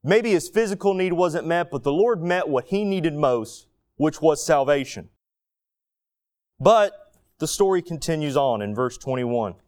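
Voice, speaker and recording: A man delivers an expository sermon in a voice pitched a little above the usual, swinging widely up and down as he tells the story. He brings the scene to life by acting out what people might be thinking. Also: lively intonation, unhurried, a little mellow. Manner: vivid storytelling, acting out inner thoughts. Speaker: preacher.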